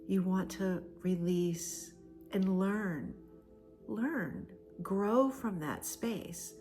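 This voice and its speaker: Woman, spiritual card reader, low-ish voice, very slow and emphatic, drifts into near-whispers. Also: soft background music. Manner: slow, emphatic and repetitive, dropping into soft breathy near-whispers. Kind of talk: channeled collective oracle card reading.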